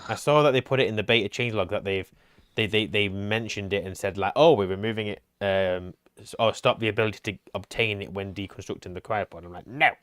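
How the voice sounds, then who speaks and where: A man's voice: on the low side, fast talker, fairly bright tone, dry recording, clean studio sound. A man chatting casually while playing a co-op game on stream, thinking aloud and joking with his partner. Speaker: gaming streamer. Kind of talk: casual co-op gameplay chat.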